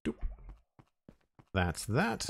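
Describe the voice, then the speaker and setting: A man's voice: drawn-out words, background noise. A man streaming a survival game, thinking aloud and mumbling as he plays, trailing off with "uh" and reading chat now and then. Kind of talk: casual gameplay commentary.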